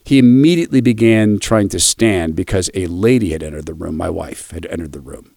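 Guy with a low gravelly voice telling a quiet personal story for a radio devotional, dry close sound. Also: fairly quick, no room sound.

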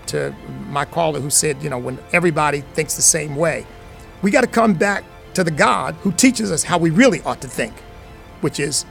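Middle-aged guy hosting call-in radio, gravelly voice, preachy and emphatic, soft music under it. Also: fairly high pitch. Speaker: radio talk show host. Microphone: studio microphone.

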